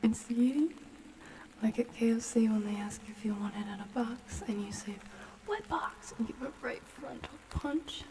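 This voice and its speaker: A young adult woman streaming, chatting playfully and slipping into soft whispers at a close microphone. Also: fairly high pitch, moderate pace, a little hiss or hum. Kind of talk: casual ASMR chat.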